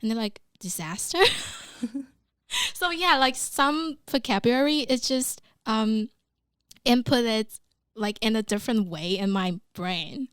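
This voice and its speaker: A woman's voice: on the high side, unhurried, clear, resonant tone, no echo. A woman hosting a casual podcast chat in a recording studio, chatty and giggly, with frequent fillers. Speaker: podcast host.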